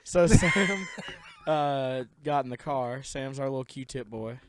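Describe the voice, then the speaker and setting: A young man co-hosts a podcast, rambling and laughing through a casual story while acting out quotes in silly voices. His medium-pitched voice swings wildly in pitch and moves slowly, with background noise present.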